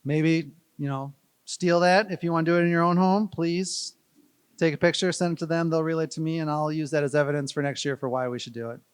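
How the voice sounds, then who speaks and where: A man's voice: fairly high pitch, steady tone, fairly quick, clean tone, dry recording. A man giving a playful, rambling wedding speech at a reception, joking with the crowd. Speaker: wedding guest giving a toast.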